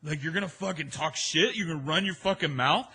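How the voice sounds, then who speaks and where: A belligerent drunk macho guy, as a storyteller puts him on, loud, aggressive and cursing in every line. The voice is bright and a little husky, pushed up in volume and pitch. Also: sing-song, measured pace, heavily acted. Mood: hostile.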